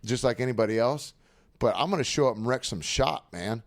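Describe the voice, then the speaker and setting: A man's voice: mid-range voice, a little fast, dry recording, clean studio sound. A man, a former football player, telling stories energetically in a casual podcast chat. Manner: energetic, animated storyteller with lots of fillers.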